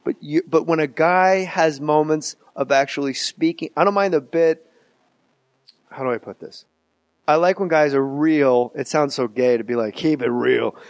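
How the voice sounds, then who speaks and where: A man with a slightly high voice hosts a casual comedy podcast, spinning loose, profane stories full of asides. His voice sits dry and close, with no room sound around it. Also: no echo. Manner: profane, rambling storyteller with quick asides. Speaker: podcast host.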